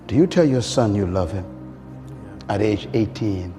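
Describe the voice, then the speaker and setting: Animated middle-aged preacher in a reverberant hall. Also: male voice, a little slow. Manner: call-and-response preaching, climbing to high emphatic peaks. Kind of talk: sermon. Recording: long hall reverb with faint music.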